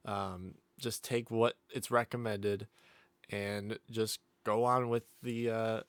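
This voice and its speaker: Lowish-voiced man rambling on his podcast. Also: dry recording. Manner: rambling, relaxed, many fillers and restarts. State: slightly sick voice. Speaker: podcast host. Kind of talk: casual solo podcast chat. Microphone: studio condenser microphone through a mixer.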